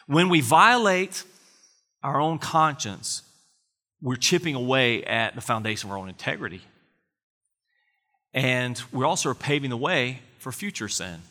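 A man's voice: mid-range voice, expressive, unhurried, long pauses, sharp tone, long reverb tail. A man preaching a sermon as a pastor, earnest and conversational, asking his listeners rhetorical questions.

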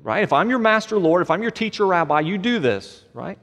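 Male pastor, slightly high voice, lively preaching full of rhetorical questions, hall reverb. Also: a little fast. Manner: animated, with rhetorical questions and joking asides. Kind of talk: sermon. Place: church sanctuary.

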